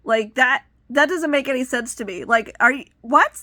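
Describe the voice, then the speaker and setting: A woman's voice: high-pitched, normal speed, pushed and bright, dry recording. A woman in her thirties telling a personal story with emotional, indignant retelling. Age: 30s. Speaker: vlogger.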